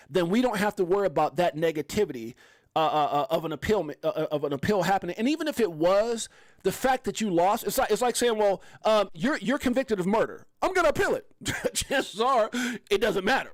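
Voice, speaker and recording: A man hosting a casual crypto livestream, talking in an excitable, rambling way with mocking asides. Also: high voice, no echo.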